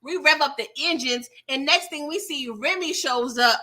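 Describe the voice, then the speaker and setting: High bright-voiced woman reviewing episodes. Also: moderate pace. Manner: chatty and exasperated, laughing at scenes; greets viewers by name. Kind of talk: casual recap commentary.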